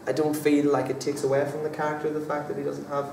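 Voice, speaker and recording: A young man in drama school speaks a little high and completely flat, talking fast with vocal fry and a darkish tone. He answers interview questions casually, hesitating with many fillers and false starts. The sound is distant and echoey, with faint noise behind it.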